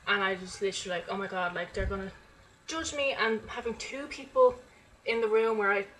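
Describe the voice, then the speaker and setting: A woman's voice: mid-range voice, fairly even intonation, fairly quick, fairly bright tone, poor audio. A young woman, chatting to camera at home in a rambling vlog full of "like" fillers. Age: young adult. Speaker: vlogger. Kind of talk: casual chat to camera.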